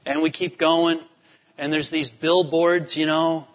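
A pastor telling a family story in a sermon, storytelling with many fillers. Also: male voice, on the high side, flat delivery, measured pace. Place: church sanctuary. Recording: dull reverberant church hall. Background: long hall reverb.

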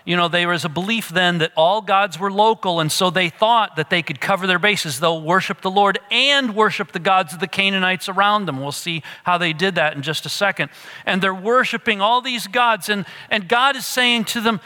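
A man preaching a sermon, animated at times and dropping to a hush for emphasis. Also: high voice, normal speed, long reverb tail. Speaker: pastor.

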